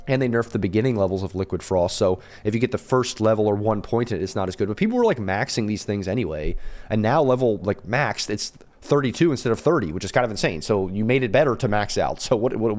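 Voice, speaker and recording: A man's voice: on the low side, darkish tone. A young man with a strained voice giving an exasperated, ranting commentary on game balance changes, repeating himself as he complains.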